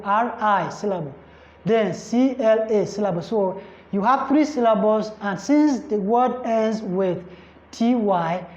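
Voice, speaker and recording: A woman's voice: mid-range voice, a little mellow. A woman tutoring for an English exam in a classroom lecture style, who repeats points, spells words out letter by letter and checks that listeners understand. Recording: echoey room, slightly dull sound.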